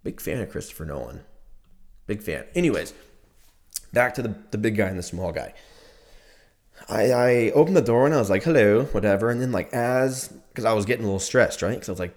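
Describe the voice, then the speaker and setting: A man's voice: deep voice, a little mellow. A young man telling a rambling, profane story in a casual monologue, laughing often as he goes.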